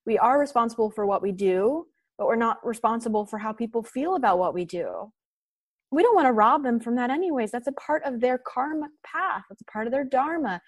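A woman talking earnestly on a podcast, encouraging listeners in gentle spiritual language. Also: fairly high pitch, expressive, brisk, dry recording. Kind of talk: reflective podcast conversation.

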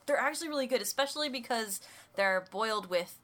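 An American woman co-hosting a podcast in casual chat, quick to laugh. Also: a little high, expressive, a bit bright. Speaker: podcast co-host.

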